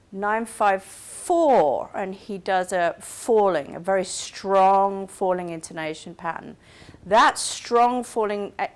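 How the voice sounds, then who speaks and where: A woman giving a recorded university lecture, explaining step by step and checking in with her listeners. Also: mid-range voice. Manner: explains carefully, checks in with "okay?" and "right?".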